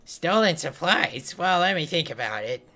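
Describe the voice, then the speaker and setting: A man's voice: on the high side, big pitch swings, normal speed, sharp tone, voice pushed up. A man voicing a pompous old male priest in a game, lofty and sermonizing.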